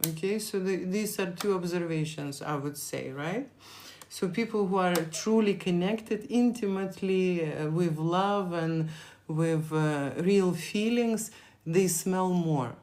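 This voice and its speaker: Lithuanian lady on a livestream, kinda low voice, rambles w lots of fillers. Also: slow pace, darkish tone. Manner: rambling, repeats words, frequent fillers. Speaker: photographer answering live questions. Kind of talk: live-stream Q&A.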